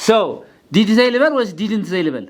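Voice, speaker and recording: A man's voice: sits high, big pitch swings, rapid-fire. A man teaching an English grammar lesson in a classroom, quizzing his students and mixing English with Amharic.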